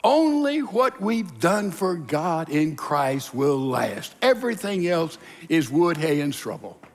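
A man's voice: on the high side, big pitch swings, slow, in a large hall. A man preaching a sermon to a congregation, telling stories and acting out the voices in them. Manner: storytelling preacher, acts out voices in dialogue. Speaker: pastor. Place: church sanctuary.

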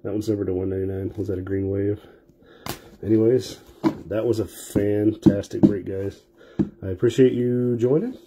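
A man's voice: lowish voice, steady tone, normal speed, noisy background. A man casually calling out player names and card finds as he opens packs during a live sports card break.

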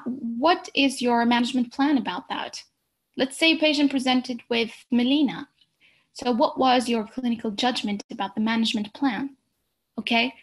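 A woman with a slightly high voice gives a recorded exam-prep lecture. She explains each point patiently, repeats herself for emphasis and keeps checking in with "okay?".

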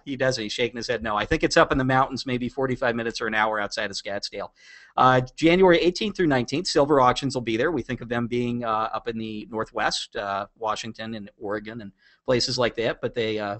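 A man's voice: medium pitch, fairly quick, a bit bright. A man hosting a casual podcast, chatty and joking as he teases his co-host.

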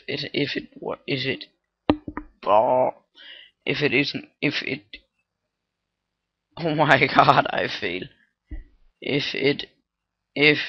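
A man thinking aloud through a casual coding tutorial, halting with many fillers and restarts, on a low-quality microphone. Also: bright, forceful tone, no room sound, highs cut off. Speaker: scripting tutorial maker. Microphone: cheap computer microphone.

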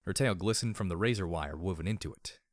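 Male audiobook narrator, very low voice, dry close sound, measured and wry. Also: dry recording. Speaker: audiobook reader. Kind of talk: audiobook narration of fan fiction.

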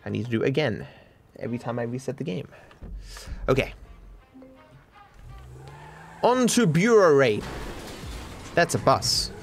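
A young man from Australia giving excitable, animated gameplay commentary, with frequent swearing. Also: mid-range voice, moderate pace, gravelly, husky, faint music behind. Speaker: gaming streamer.

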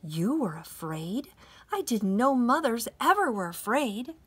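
A man's voice: extremely high pitch, very animated, a little slow, a bit bright, slightly rough, heavily acted. A man voicing a timid young male turtle in a children's storybook read-aloud, polite and earnest.

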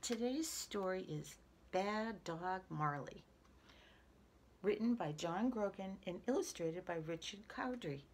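A woman reading a children's picture book aloud in a lively, expressive way. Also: mid-range voice, a little slow, a little hiss or hum. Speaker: storyteller.

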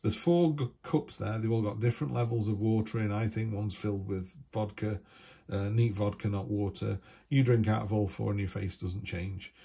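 A man's voice: lowish voice, fairly even intonation, normal speed, gravelly, dark tone, slightly rough. A man giving a chatty, rambling tarot reading full of asides. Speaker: tarot reader.

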